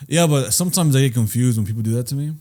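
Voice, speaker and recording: A man co-hosting a casual comedy podcast, relaxed and joking, often dropping into quiet low asides. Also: rapid-fire. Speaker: podcast co-host.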